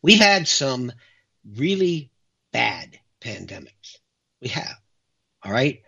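A man's voice: mid-range voice, very animated, slow, creaky, bright, forceful tone, husky. A man hosting a talk show, delivering an emphatic, dramatic monologue. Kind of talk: impassioned monologue. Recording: dull lo-fi recording.

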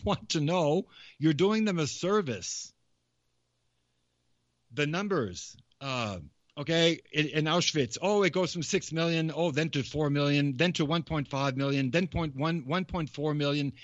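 A man's voice: a little high, no room sound. A man hosting a show, giving rambling, repetitive casual commentary. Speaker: podcast host. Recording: slightly muffled, dry recording.

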